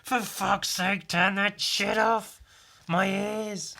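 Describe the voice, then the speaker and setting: A man voicing an angry president in his homemade comic, yelling and cursing. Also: high voice, fairly even intonation, slow pace, vocal fry, pitched above the performer's own voice, exaggerated voice. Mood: furious. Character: furious shouting male president.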